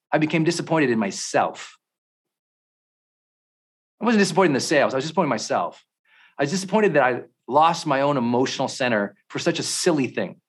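A middle-aged man giving a motivational talk as a podcast host, telling stories with intense swings from quiet to loud. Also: on the high side.

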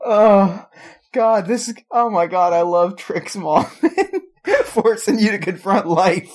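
A woman's voice: mid-range voice, lively intonation, takes it slowly, darkish tone. A woman co-hosting a comedy podcast, giggling and riffing along in improvised worldbuilding. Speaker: podcast co-host.

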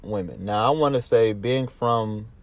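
Low-voiced Southern man ranting casually. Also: a little slow, no echo. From Southern US, Atlanta. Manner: rambling, profane, many restarts, laughs easily. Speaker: commentary vlogger. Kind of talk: casual commentary.

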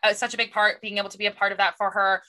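A young woman co-hosting a casual book podcast, chatty and quick, with lots of fillers. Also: mid-range voice, little pitch movement, pushed and bright. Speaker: podcast co-host.

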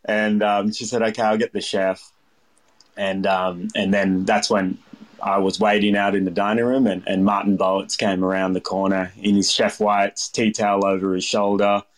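Rambling Australian man, a bit low. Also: little pitch movement, normal speed. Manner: rambling, full of fillers, acts out voices in his anecdotes. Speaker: chef, interview guest. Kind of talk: casual storytelling.

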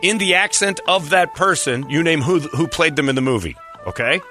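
A man's voice: a little high, lively intonation, moderate pace, bright, forceful tone, soft background music. A man hosting a quiz game on a radio show, joking and teasing the players and laughing often. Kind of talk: casual radio banter.

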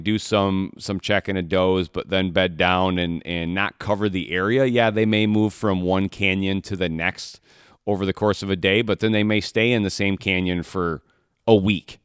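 A man's voice: sits low, steady tone, moderate pace, a bit bright, clear, resonant tone, no echo, studio quality. A man from Michigan telling a hunting story in a casual podcast chat, rambling and restarting his sentences often. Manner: rambling, repeats words, many restarts. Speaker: podcast co-host, hunter.

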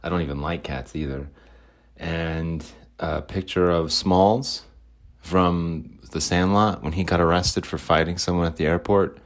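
A man's voice: sits low, steady tone, unhurried. A man hosting a solo podcast, talking in a meandering way with chuckling, self-mocking asides. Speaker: podcast host. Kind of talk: rambling solo podcast monologue.

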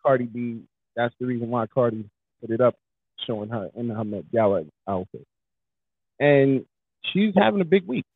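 Animated man on a tinny line. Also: medium pitch, normal speed, long pauses, no room sound. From New York. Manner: animated, hypes up his lines. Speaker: podcast co-host. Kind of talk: casual chat. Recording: husky voice over a tinny phone-like line.

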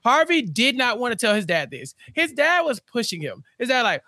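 Male co-host, lively recap chatter, high bright voice, jumps into character voices. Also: dry recording, studio quality. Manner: animated, acts out characters in quick voices. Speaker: podcast co-host. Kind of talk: casual recap chat.

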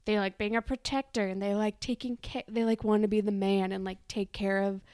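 A woman's voice: mid-range voice, flat delivery, fairly quick, darkish tone, clean tone, no room sound. Young woman rambling on a podcast, says like a lot, dry close mic. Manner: rambling with many "like"s. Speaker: podcast co-host. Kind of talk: casual chat recapping a TV show.

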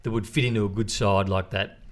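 A man with an Australian accent, a former player, talking football in a relaxed, matter-of-fact way. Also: fairly low pitch, fairly quick. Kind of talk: casual footy chat.

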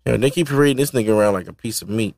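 A man's voice: medium pitch, very fast, vocal fry, darkish tone, no room sound. Male solo podcast host, casual and profane, rambling talk, dry close sound. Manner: loose, profane, rambling, laughs often.

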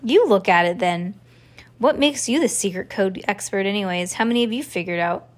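A woman's voice: medium pitch, brisk, close to an everyday voice. A woman reading a storybook aloud, voicing a bossy, skeptical young schoolgirl with a blunt, impatient manner.

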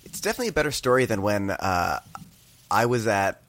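A man's voice: on the low side, very animated, fairly quick, a bit bright. Man cracking dry teasing quips. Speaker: podcast co-host. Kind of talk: casual chat.

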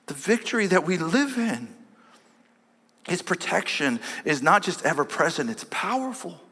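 A man's voice: high voice, very animated, moderate pace, sharp tone, breathy edge. A man preaching a sermon as a pastor, telling a story and quoting his family along the way. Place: church sanctuary. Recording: long church hall reverb.

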